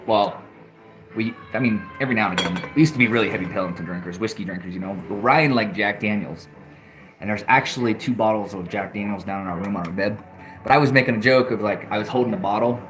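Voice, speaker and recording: A man with a somewhat low voice tells a story straight to his audience. His delivery is rambling and casual, full of restarts, fillers and the odd swear word. He talks the way he would to a friend. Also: a bit bright. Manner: frequent swearing, conversational. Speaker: vlogger.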